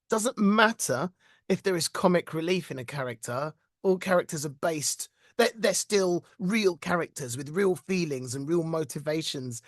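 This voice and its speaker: A middle-aged British man, a voice actor, telling stories in a casual interview with animated, self-deprecating warmth and frequent laughs. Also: on the high side, dry recording, studio quality. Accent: British English. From Britain. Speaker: voice actor guest.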